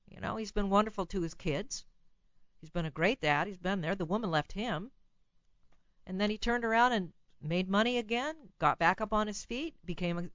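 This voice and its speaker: A woman hosting a call-in radio show as a psychologist, giving blunt, animated advice and laughing at her own remarks. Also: mid-range voice, dry recording, lo-fi sound.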